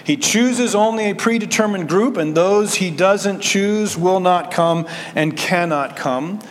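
A man preaching a verse-by-verse sermon, animated, acting out the voices he quotes and restarting words as he goes. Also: high-pitched, unhurried, big-room sound, slight background noise. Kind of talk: expository sermon.

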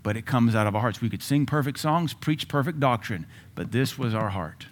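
A man's voice: mid-range voice, animated, normal speed. A male pastor giving a sermon in a conversational way, with sudden emphatic rises and asides.

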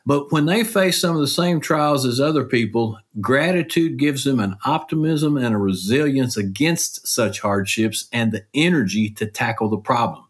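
A middle-aged man hosting a podcast, giving a folksy, animated motivational talk. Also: moderate pace, few pauses, slightly rough. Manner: folksy, animated, with mock quotes in a higher voice. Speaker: podcast host.

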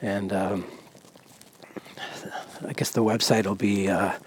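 A man's voice: lowish voice, little pitch movement, takes it slowly. A man hosting a podcast, talking casually with many fillers as he walks village streets outdoors, recorded on a handheld recorder with faint traffic and wind behind him. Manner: rambling, many fillers, soft-spoken. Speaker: podcast host. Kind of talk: casual walking monologue.

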